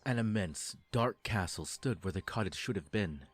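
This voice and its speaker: Man, scripted narration, wry storybook delivery, low-ish, faint music behind. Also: expressive, moderate pace.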